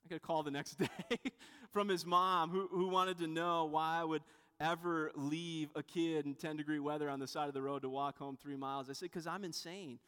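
A man with a high voice delivers a sermon, chatting and telling stories as he goes. He often breaks off and restarts his sentences, adding asides along the way. His voice carries a long reverb, as if filling a church hall. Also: flat delivery, normal speed, fairly bright tone, clean tone. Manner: conversational, with frequent restarts and asides. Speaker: pastor. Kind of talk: sermon with storytelling.

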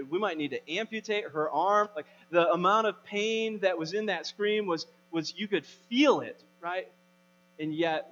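A man's voice: fairly high pitch, fairly bright tone. A man in his thirties, a pastor, preaching a sermon in a conversational storytelling way that rises to emphatic preaching. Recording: dull, hum, long reverb.

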